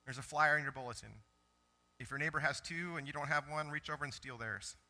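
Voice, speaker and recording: Bright-voiced pastor preaching conversationally. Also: male voice, a little high, quick pace. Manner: conversational, animated storytelling with self-corrections. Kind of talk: sermon. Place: church sanctuary.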